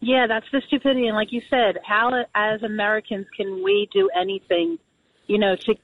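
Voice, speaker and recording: A woman's voice: on the high side, moderate pace. A woman calling into a radio talk show, exasperated and emphatic. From Philadelphia area. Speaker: caller. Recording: tinny phone line.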